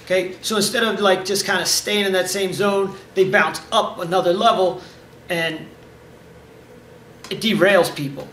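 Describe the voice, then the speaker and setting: A male karate instructor talks through self-defense advice in a direct, coaching way, checking in with his listeners as he goes. His voice sits a little high and sounds bright and forceful. He is recorded from some distance in a roomy, echoey space. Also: fairly even intonation, normal speed, slight background noise. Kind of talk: casual instructional talk. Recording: echoey room, mic at a distance.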